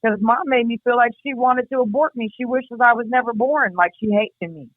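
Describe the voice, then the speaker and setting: A woman from Iowa giving a candid personal account, blunt and halting, swearing freely as she reflects. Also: fairly high pitch, no echo. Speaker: guest, host's sister. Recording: tinny phone line.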